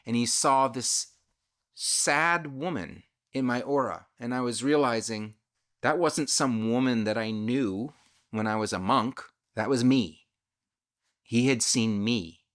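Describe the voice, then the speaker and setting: A man talks straight to his audience about something that happened to him, open and confessional. He often stops and rephrases mid-sentence as he thinks out loud, and his voice sits at an ordinary middle pitch. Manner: candid, confessional, self-reflective; frequent self-corrections and restarts. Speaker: channel host telling his own story. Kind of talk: personal storytelling monologue.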